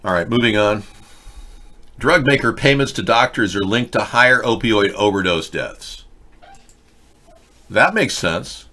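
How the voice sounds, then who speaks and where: A man hosting an online political commentary show, wry and rambling, with many halting restarts. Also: lowish voice, sharp tone. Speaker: host.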